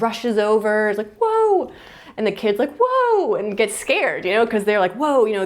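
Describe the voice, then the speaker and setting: A young adult woman, a mind-body therapist, explaining ideas casually and thoughtfully at a whiteboard, with many fillers. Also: fairly low pitch.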